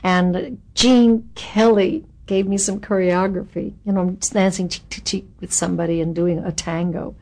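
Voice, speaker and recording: An older woman in her seventies, telling stories from her acting days in an interview. She talks in a candid, wry way and throws in lively asides. Her voice sits at an ordinary middle pitch. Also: moderate pace, hardly any pauses. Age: 70s. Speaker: actress interviewed about her career. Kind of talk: reminiscing interview.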